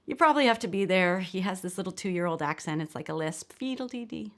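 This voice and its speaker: A woman's voice: lowish voice, animated, fast talker. A woman reading a self-conscious new mother who rambles sheepishly at a dinner table.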